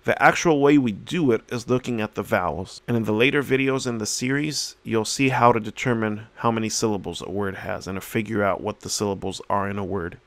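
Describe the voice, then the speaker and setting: A male teacher explaining a reading lesson step by step, slowing down to sound out example words and lifting his voice to stress key points. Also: lowish voice, dry recording.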